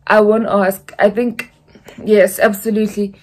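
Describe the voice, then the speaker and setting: A woman's voice: medium pitch, level tone, measured pace, a little mellow. A young woman from South Africa with a South African accent, chatting casually in a vlog and slipping in Zulu phrases as she rambles through stories. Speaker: YouTuber.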